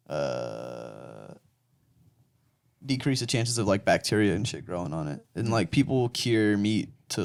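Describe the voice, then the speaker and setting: A man's voice: mid-range voice, gravelly, clean tone. A young man co-hosting a casual podcast with his friends. He rambles through his thoughts with plenty of "like" and the odd swear word, in an ordinary mid-range voice. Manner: rambling, swears often, lots of fillers. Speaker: podcast co-host. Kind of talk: casual chat among friends.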